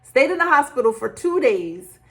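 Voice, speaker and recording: Chatty, animated middle-aged woman vlogger. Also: sits high, moderate pace. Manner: chatty and animated, acts out quoted lines with laughter; conversational, frequent fillers like "like" and "child". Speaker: beauty vlogger. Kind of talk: casual storytelling to camera.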